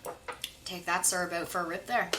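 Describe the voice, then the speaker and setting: A woman's voice: fairly low pitch, steady tone, brisk, heavy background noise. A Canadian woman from Ontario co-hosting a crude comedy podcast, drawling hoser slang and swearing casually. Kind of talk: crude comedy sketch chat.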